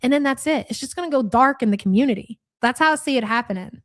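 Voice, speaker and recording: A woman's voice: high-pitched, lively intonation, fast, dry recording, clean studio sound. A woman with a Louisville accent hosting a live reaction stream, blunt, sarcastic and profane, reading chat messages aloud. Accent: Louisville Kentucky. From Louisville area, USA.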